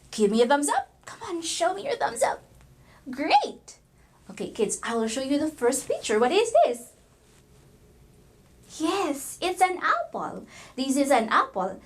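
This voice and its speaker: A woman teaching young children letter sounds, coaxing them to repeat in a sing-song way. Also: high-pitched. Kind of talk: children's phonics lesson.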